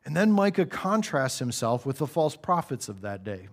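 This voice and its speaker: A man preaching a sermon in a church, conversational, acting out little voices and dropping quiet for serious points. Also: medium pitch, big pitch swings, normal speed.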